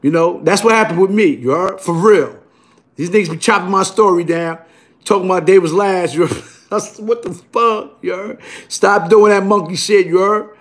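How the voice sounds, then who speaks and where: A man's voice: sits high, normal speed. A middle-aged man with a New York accent telling a casual story in streetwise, profane slang, checking in with the listener again and again. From Brooklyn, New York. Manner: streetwise, profane, keeps asking "you heard?".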